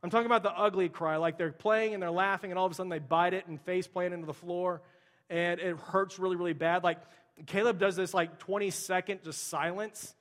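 A man's voice: sits high, fairly even intonation, fairly quick, a bit bright. A young man preaching as a pastor, talking conversationally with lots of "like" and direct questions to the congregation, in a church. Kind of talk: sermon. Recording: long reverb of a large hall.

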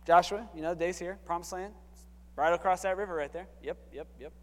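A high-voiced man preaches to his congregation. His delivery is animated, dropping to a hush and then climbing to shouts. The sound rings with the long reverb of a church hall. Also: fairly quick. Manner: animated, swings from hushed to shouting. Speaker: pastor. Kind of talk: sermon. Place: church sanctuary.

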